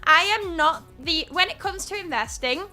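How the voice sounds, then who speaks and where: A woman's voice: very high voice, moderate pace, bright, forceful tone, faint music behind. A young woman hosting a live crypto news stream, explaining markets and reading chat in a candid, conversational way. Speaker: crypto news show host.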